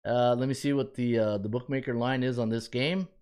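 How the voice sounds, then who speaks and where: A man's voice: mid-range voice, steady tone, fairly quick, a little mellow, clear, resonant tone. A man with a Canadian accent hosting a sports betting podcast, chatting casually, thinking aloud and joking with himself as he works through the numbers.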